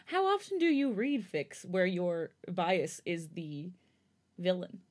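A woman's voice: lowish voice, animated, takes it slowly, a little mellow. A woman co-hosting a podcast, reading fanfiction aloud and chatting with a friend, laughing often. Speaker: podcast co-host.

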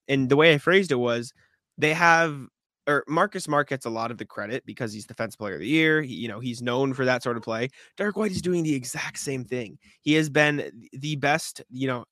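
A man with a mid-pitched voice co-hosting a sports podcast in loose, rambling chat. He stumbles over repeated words and keeps clearing his throat. The sound is close and dry, with no room echo. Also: bright, forceful tone.

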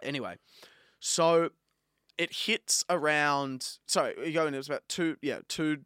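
A man's voice: fairly high pitch, unhurried, smooth, dry recording, clean studio sound. A young Australian man co-hosting a podcast, telling stories animatedly in casual chat. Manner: animated storyteller, acts out dialogue. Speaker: podcast co-host.

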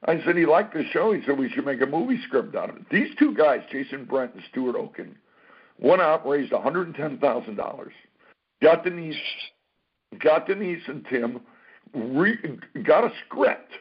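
A man telling a career story as an interview guest, animated, acting out what people said and swearing freely. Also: fairly high pitch, moderate pace, husky. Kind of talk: casual anecdote-telling. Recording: dull lo-fi recording.

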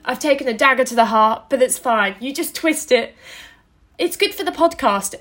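A woman's voice: high-pitched, expressive, normal speed, fairly bright tone. A woman co-hosting a casual podcast, chatty and teasing. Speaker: podcast co-host.

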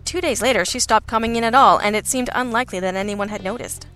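A woman narrates a story in the first person with a dry, sardonic wit. Her voice is bright and forward, and faint music sits under the reading. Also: on the high side, fast. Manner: wry and sardonic. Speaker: audiobook narrator.

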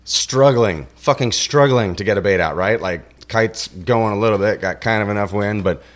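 A man who runs a fishing boat, telling stories in a casual chat, profane and animated, acting out the voices of the people in them. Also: lowish voice, moderate pace.

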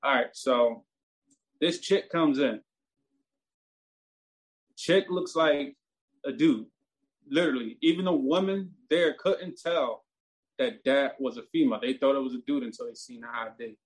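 A man's voice: medium pitch, measured pace, long pauses. A man, telling a story in casual, profane talk that turns heated. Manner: animated, profane, gets heated and loud.

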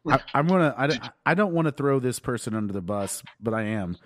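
Male podcast host, animated and profane, pitch swinging up and down a lot. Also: brisk, background noise. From Tulsa, Oklahoma. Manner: animated, profane, laughing storyteller. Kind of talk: casual chat.

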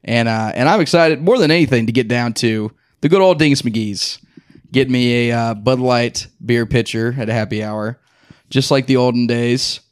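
A man's voice: mid-range voice, moderate pace, clear, resonant tone, no room sound. Guy chatting football picks, rambly, dry close sound. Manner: rambling, filler-heavy, joking. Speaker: podcast co-host. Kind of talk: casual sports chat.

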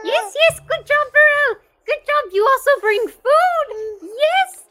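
A tiny greedy creature squeals in an extremely high, sharp voice that leaps all over the place. It gushes and repeats itself in a tabletop role-play. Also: male voice, expressive, slow pace, heavily acted. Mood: fawning. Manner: shrill, gushing, repeats itself.

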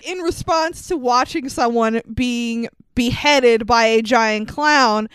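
A woman's voice: fairly high pitch, slow, fairly bright tone, smooth, no room sound. A woman co-hosting a movie review podcast, casual and sarcastic, swearing and laughing often. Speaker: podcast co-host.

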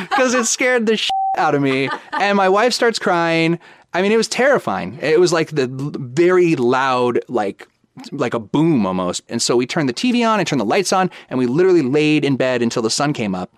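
A man's voice: mid-range voice, noisy background. A man in his thirties casually telling a personal ghost story, acting out the back-and-forth dialogue. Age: 30s. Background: background music.

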